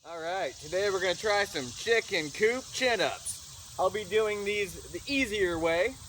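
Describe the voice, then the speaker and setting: A man's voice: high voice, unhurried, fairly bright tone. A man vlogging a fitness challenge on a farm, talking in a playful, upbeat and jokey way. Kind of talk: casual to-camera vlog. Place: outdoors on a farm. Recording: distant outdoor mic with faint rural noise.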